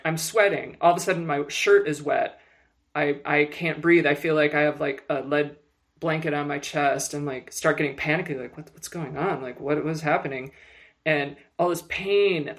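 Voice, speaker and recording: A woman guest in an interview, telling personal stories in an animated way with lots of fillers and restarts. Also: low voice. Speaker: guest, music publicist. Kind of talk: candid personal storytelling.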